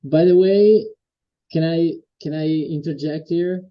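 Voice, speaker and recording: A man's voice: fairly high pitch, steady tone, a little slow. Eager male interviewer on dull lo-fi audio. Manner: enthusiastic fan, laughs along. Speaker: interviewer, fan club host. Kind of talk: casual interview.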